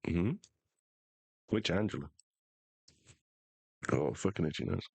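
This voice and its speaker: Sweary joking American man, lively voice. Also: low voice, takes it slowly, creaky, slightly rough, no room sound. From United States. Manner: profane, joking banter. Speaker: streamer. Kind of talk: casual live gaming chat.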